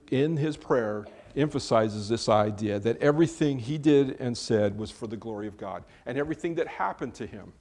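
A man preaching a sermon on a Bible passage, measured and conversational as he speaks to his congregation. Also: medium pitch. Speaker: pastor.

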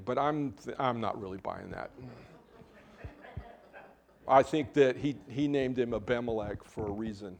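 Male pastor, mid-pitched, chatty sermon delivery, restarts mid-sentence, easy humor. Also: unhurried, gravelly, long pauses. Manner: informal, self-correcting, joking asides. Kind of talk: conversational sermon.

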